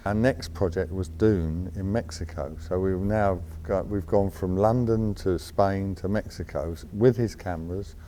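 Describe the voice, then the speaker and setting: Man, very low pitch, dark tone, documentary interview, matter-of-fact. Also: unhurried, hardly any pauses, a little hiss or hum. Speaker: film camera supplier.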